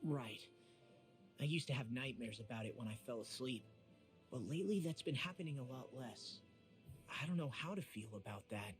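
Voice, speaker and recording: A man's voice: medium pitch, lively intonation, moderate pace, close to an everyday voice. An actor playing a brash young male fighter in a game, blunt and earnest but haunted by his past. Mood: troubled. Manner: bluntly earnest, turns quiet and hesitant. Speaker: game character. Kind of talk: game dialogue acting. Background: game music.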